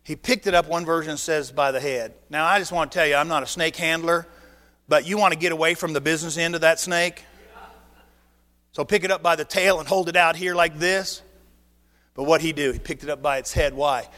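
A high-pitched man preaching to his congregation, animated and full of rhetorical questions. He acts out both sides of little conversations as he goes. His voice rings out with the long reverb of a church hall. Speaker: pastor. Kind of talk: sermon. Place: church sanctuary.

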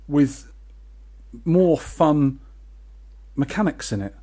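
A man co-hosting a podcast, chatting casually with quick asides. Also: a little high, expressive, dark tone, slightly rough. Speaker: podcast co-host. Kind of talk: casual chat.

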